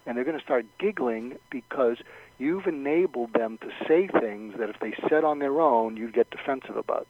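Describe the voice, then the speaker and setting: A man's voice: normal speed, dry recording. A man giving advice as a guest on a radio talk show, explaining step by step and acting out sample lines of dialogue. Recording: dull low-fidelity radio sound.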